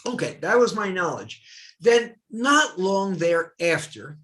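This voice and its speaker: A man's voice: sits high, slow. An older man from New Jersey, a retired professor, telling personal anecdotes in a dialogue as a guest. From New Jersey, USA. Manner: animated anecdotal storyteller. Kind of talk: storytelling in a dialogue.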